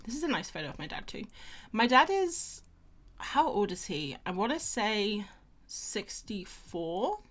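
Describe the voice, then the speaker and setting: A woman's voice: medium pitch, big pitch swings, a little slow, fairly bright tone. A young woman hosting a casual drawing livestream, chatting and rambling to viewers and greeting them by name. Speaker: livestream host. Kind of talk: casual chat while drawing.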